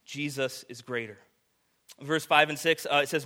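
Man, pastor, sermon, bright voice, casual animated delivery. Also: a little high, normal speed. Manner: conversational, animated preaching with fillers.

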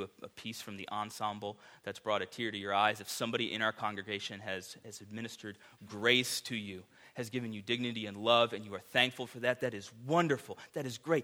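A man preaching a sermon, his voice bright and forward. He talks casually to the congregation, with fillers and sudden swings from loud to quiet. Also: on the low side. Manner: conversational, animated preaching with fillers. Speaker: pastor.

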